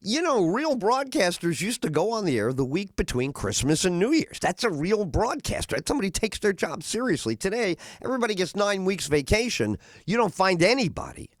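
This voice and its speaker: A man's voice: high voice, sing-song, fairly quick, few pauses, no echo, studio quality. A middle-aged man hosting a radio talk show, rambling through a casual monologue and now and then acting out other people's voices.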